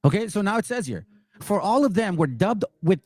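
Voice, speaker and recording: A man's voice: high-pitched, very animated, fairly quick, a little mellow. A man hosting a commentary channel, delivering a heated, profane, mocking monologue full of repetition. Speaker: religious commentary channel host.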